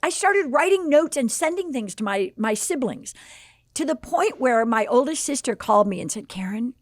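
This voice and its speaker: A woman's voice: high voice, moderate pace, no echo, clean studio sound. A woman in her sixties from the Chicago area, telling a personal story as a podcast guest and acting out the quoted dialogue. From Chicago area, USA. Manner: animated, acts out quoted dialogue.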